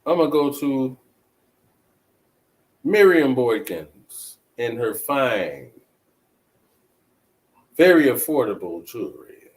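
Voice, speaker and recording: A man's voice: mid-range voice, big pitch swings, slow, long pauses, rough recording. A man hosting a talk show, chatting casually and putting questions to his listeners. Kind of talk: casual commentary.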